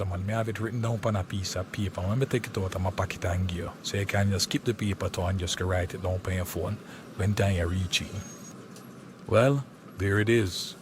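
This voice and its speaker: A man voicing a kindly, calm young Jamaican man who soothes his neighbour in an animated cartoon. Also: sits low, background noise, natural voice.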